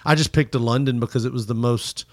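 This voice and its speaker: A man with a Southern US accent talks in a loose, joking way, dropping swear words into his stories. His voice sits in a middle pitch, and the sound is dry and close with no room echo. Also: fast talker. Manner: joking, profane storyteller. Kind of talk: casual chat.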